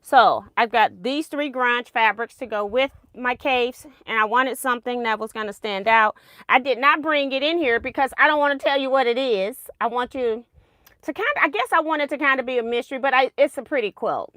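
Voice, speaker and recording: A woman's voice: fairly high pitch, a little fast, pushed and bright, no echo, studio quality. A woman hosting a casual quilting livestream, chatty and rambling, laughing at her own mistakes.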